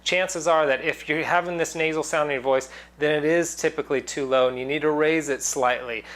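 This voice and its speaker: A man's voice: fairly high pitch, steady tone, fairly quick, fairly bright tone. A man teaching singing in a casual online lesson, explaining loosely with many fillers and breaking into sung demonstrations.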